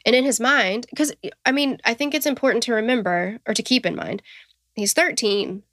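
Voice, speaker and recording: A woman's voice: on the high side, moderate pace, no echo. Dry-sounding Southern woman telling a case. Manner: relaxed, chatty, with fillers. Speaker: podcast co-host. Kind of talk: casual true crime storytelling.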